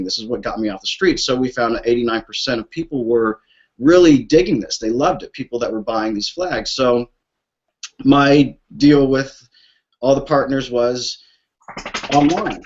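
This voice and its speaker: A man's voice: medium pitch, lo-fi sound. A man on a group call speaking about his veterans' flag program, emotional and blunt, swearing and repeating himself. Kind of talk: impassioned talk on a group call. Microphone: call line.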